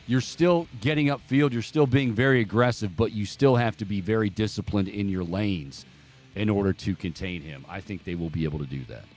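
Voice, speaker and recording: A man's voice: fairly low pitch, brisk, soft background music. A man hosting a studio sports talk show, breaking down plays and rattling off upbeat plugs and a sign-off. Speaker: sports radio host.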